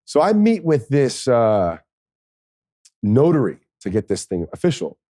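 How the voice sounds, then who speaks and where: A man's voice: mid-range voice, huge pitch swings, a little slow, dry recording, studio quality. A man, a former pro football player, tells a candid, profane personal story in a podcast interview, and he is tearful at times. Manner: candid and profane, with laughs and soft, choked passages.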